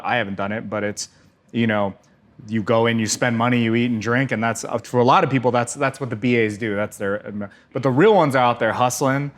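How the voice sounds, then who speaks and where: A man's voice: mid-range voice, a bit bright. Easygoing man hosting a podcast. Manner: easygoing, agreeable, swears casually. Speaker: podcast host. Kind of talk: casual podcast chat.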